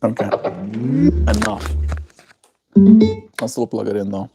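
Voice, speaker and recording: A man's voice: lowish voice, level tone, slow pace, vocal fry, loud music behind the voice. A man with a South African accent chatting casually on a livestream, rambling, chuckling often and reacting to viewers' comments. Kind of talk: casual live-stream chat.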